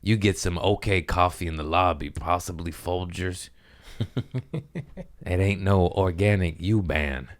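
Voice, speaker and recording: A man's voice: low voice, fairly even intonation, measured pace. A young man hosting a casual solo podcast, rambling and profane, often laughing at his own jokes. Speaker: podcast host.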